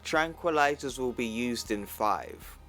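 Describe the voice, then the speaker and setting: Man reading as a calm battle-suit computer. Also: mid-range voice, measured pace.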